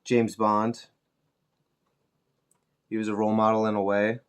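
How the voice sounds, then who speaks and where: A middle-aged man talks in a loose, rambling way while he paints miniatures. His voice sits a little low, and he swears freely and pokes fun at himself in an easygoing, unhurried manner. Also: completely flat delivery, clean tone. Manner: laid-back, swears freely, self-mocking humor. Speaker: miniature painting channel host.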